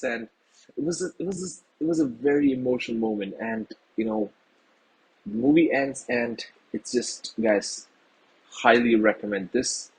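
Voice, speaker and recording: Very husky-voiced man reviewing a film. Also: mid-range voice, animated, moderate pace, low-quality recording. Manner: loose and rambling with many fillers, earnest. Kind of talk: casual movie review.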